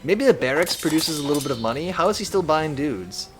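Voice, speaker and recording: A man's voice: on the high side, fast, a little hiss or hum. A man live-streaming a strategy game, chatting casually and reading viewer messages aloud. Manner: reads chat aloud, chatty and animated.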